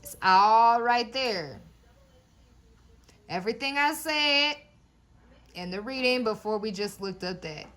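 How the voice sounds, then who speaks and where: A woman gives a loose, chatty tarot reading in a slightly higher voice. She checks in with "okay?" after almost every thought. She laughs often and drops the odd curse word. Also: expressive, takes it slowly, pauses often, fairly bright tone. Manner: repeats "okay?" often, laughs, swears casually. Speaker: tarot reader. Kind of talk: casual spiritual reading.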